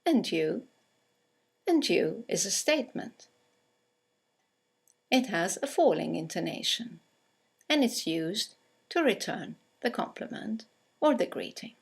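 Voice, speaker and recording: A woman teaching English in a scripted lesson, speaking with clear, careful delivery as she reads out example phrases. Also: medium pitch, big pitch swings, a little slow, long pauses.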